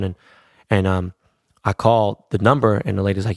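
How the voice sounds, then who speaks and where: A man from Los Angeles, a podcast host telling stories in a profane, slangy, animated way. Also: fairly low pitch, a little fast, no echo, studio quality. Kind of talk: casual storytelling.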